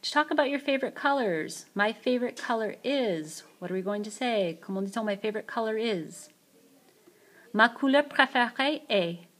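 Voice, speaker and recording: A woman teaching French vocabulary in a screencast, saying each phrase slowly and then repeating it. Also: a little high, animated, a bit bright. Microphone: tablet mic.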